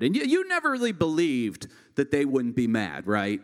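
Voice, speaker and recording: A man's voice: a little fast, few pauses. A man in his thirties doing live stand-up, telling a rambling story full of fillers like "uh" and "like". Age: 30s. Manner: rambling, filler-heavy storytelling with animated pitch swings. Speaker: stand-up comedian.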